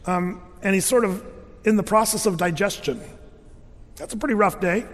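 A man preaching a sermon, telling Bible stories in a lively way, acting out quotes and adding sound effects. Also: sits high, moderate pace, big-room sound. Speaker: pastor.

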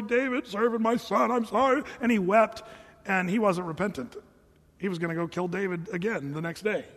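A man with a high voice preaches to his church in a casual, conversational way. He keeps slipping into the voices of the people he quotes. His words ring out with the long reverb of a large hall. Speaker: pastor. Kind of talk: sermon.

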